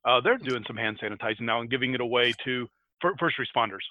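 A man's voice: mid-range voice, fast talker, dry recording, narrow, tinny audio. A man co-hosting a podcast in casual chat, laughing often and restarting his sentences. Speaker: podcast co-host.

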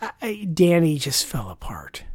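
A woman's voice: deep voice, huge pitch swings, normal speed, a little mellow, breathy edge, dry recording. A woman co-hosting a podcast in casual chat, rambling and chatty, full of asides and fillers.

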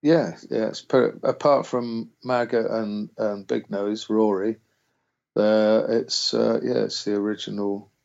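A man's voice: on the low side, fairly even intonation, takes it slowly, vocal fry, a little mellow. A man, a musician guest casually telling a rambling story, swearing freely and acting out what people said. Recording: dull lo-fi sound.

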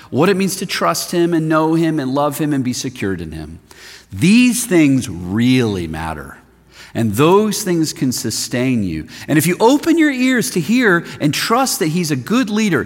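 A man preaching a sermon, telling stories with sudden swings from loud emphasis to a hushed, near-whispered voice. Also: fairly high pitch, husky. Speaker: pastor. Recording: long reverb of a large hall.

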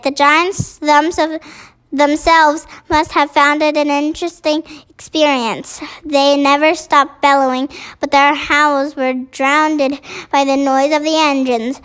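A woman's voice: high-pitched, fairly bright tone. A woman reading a children's story aloud, often stumbling over words and correcting herself. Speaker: reader.

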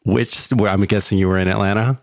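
A man's voice: lowish voice, steady tone, fairly quick, vocal fry. A male podcast host chatting casually and chuckling between comments. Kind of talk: casual chat.

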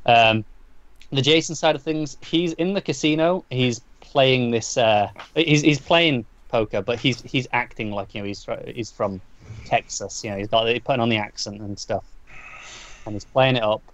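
A man's voice: medium pitch, moderate pace, a bit bright, muffled recording. A man co-hosting a podcast, casually recapping a story at length with frequent restarts and repeated words. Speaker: comic book podcast co-host.

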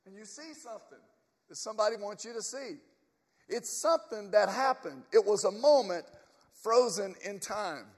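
A man's voice: high voice, lively intonation, moderate pace. A man preaching a sermon, emphatic and storytelling, addressing his congregation in a church. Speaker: pastor. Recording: long church reverb.

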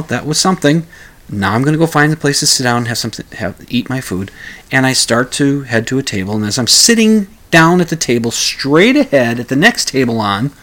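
Here the talk radio host's voice is mid-range and a bit bright as he tells a meandering story full of stammered restarts and little chuckles. Whenever he quotes someone, he raises his voice to act the line out.

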